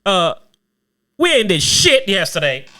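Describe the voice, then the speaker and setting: A man's voice: sits high, unhurried. A man co-hosting a casual podcast chat, telling profane stories with lots of acted-out voices. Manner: animated storyteller acting out voices, profane. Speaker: podcast co-host.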